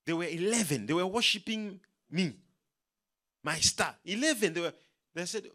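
A man preaching a sermon, emphatic and animated, leading the congregation in call-and-response. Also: a little high, moderate pace. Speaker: pastor.

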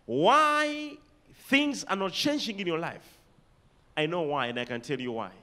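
A man with a Malawian accent preaching a sermon, emphatic, reading scripture slowly and telling the congregation to underline words. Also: very animated. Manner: emphatic, dramatic swings in loudness and pitch, reads scripture slowly.

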